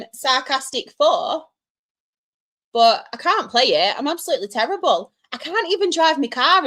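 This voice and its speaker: A young woman from Manchester with a Mancunian accent chats on a live stream, answering her viewers' questions. She laughs often and keeps up friendly banter. Her voice sits a little higher than most women's. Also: a bit bright. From Manchester, England. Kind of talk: casual live-stream chat.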